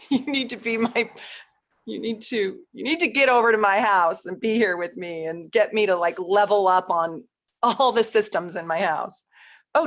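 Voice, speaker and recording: A woman's voice: fairly low pitch, a bit bright. A woman astrologer hosting a casual live stream, chatting with viewers, easily flustered and laughing often.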